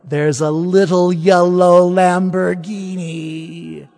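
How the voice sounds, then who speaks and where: A man's voice: high-pitched, flat delivery, takes it slowly, a little mellow, long reverb tail. A man voicing a seven-year-old boy who pleads, wheedles and bargains to keep his favorite toy. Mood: scheming.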